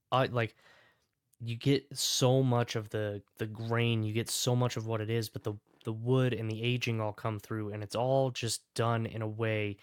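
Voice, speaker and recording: A man hosts a casual whiskey review, enthusiastic and rambling, often correcting himself mid-sentence. His voice sits a little low and comes across smooth and clear. The recording is dry, with no room sound. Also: dry recording. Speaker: whiskey reviewer and podcast host.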